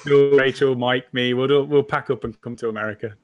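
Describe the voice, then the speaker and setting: A man's voice: medium pitch, steady tone, fairly quick, muffled recording. Easygoing English man hosting. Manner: easygoing, with frequent "um" lead-ins. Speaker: interview host. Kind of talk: casual interview chat.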